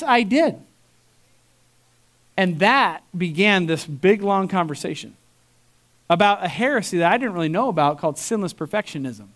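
A man preaching a sermon as pastor, telling stories with lively emphasis, repeating words and restarting phrases as he goes. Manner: animated storytelling, voice jumps high for emphasis.

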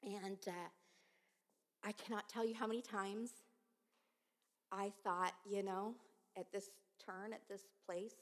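A woman in her fifties giving a sermon with personal testimony, speaking slowly and earnestly with many halts, often dropping to a hush. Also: mid-range voice, fairly even intonation. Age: 50s. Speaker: preacher. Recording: long reverb of a large hall.

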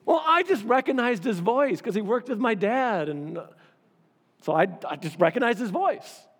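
A man's voice: extremely high pitch, expressive, normal speed. A male pastor preaching in a casual, conversational way, often repeating phrases for emphasis. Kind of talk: sermon. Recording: long hall reverb.

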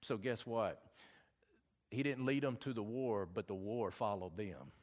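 A man's voice: on the low side, measured pace, a little mellow. A man with a Southern accent preaching a sermon, chatty and folksy, with asides between the scripture readings.

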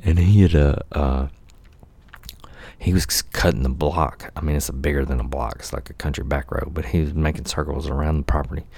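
A man's voice: very deep voice, fairly even intonation, brisk, gravelly, darkish tone, slightly rough, no room sound. A middle-aged man telling a long story in a casual, profane, laid-back way, laughing often and acting out the quotes. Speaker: podcast host telling life stories.

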